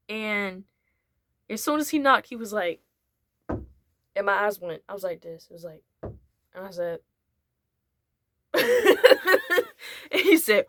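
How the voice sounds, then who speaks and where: A young woman telling a casual story, rambling with many fillers and acting out what people said. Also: medium pitch. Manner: animated, acts out what people said. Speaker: vlogger.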